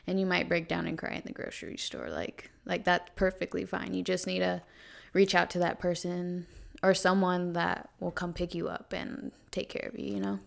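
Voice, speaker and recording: Gravelly low-voiced woman, gentle and reassuring. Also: animated, moderate pace. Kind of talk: casual chat.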